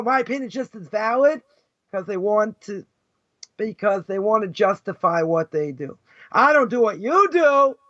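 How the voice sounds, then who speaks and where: A passionate man lecturing as a rabbi, with a very high voice that swings between sarcasm and near-shouting. The sound is dull and muffled, recorded dry and close with no room around him. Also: dry recording. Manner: loud, passionate, sarcastic, quick mock voices for others. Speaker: rabbi teaching a lesson. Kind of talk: fiery lesson.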